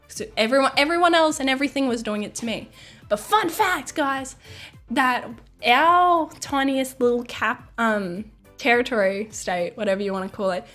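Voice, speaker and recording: An Australian woman streamer chatting casually, rambling and excitable, swearing and laughing often. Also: fairly high pitch.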